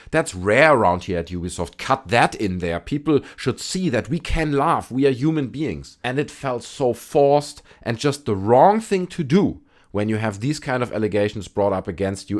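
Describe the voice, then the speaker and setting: A man with a fairly low voice gives his opinions on video games for his channel. He is blunt and sarcastic, and he rants openly about what he dislikes. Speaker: gaming YouTuber. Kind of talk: opinionated video game commentary.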